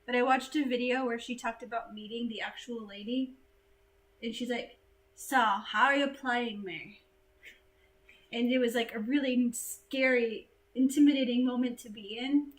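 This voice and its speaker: Chatty American-born woman, slightly high. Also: moderate pace, poor audio. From United States. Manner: chatty, animated, laughs easily. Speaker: vlogger hosting a livestream. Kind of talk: casual chat.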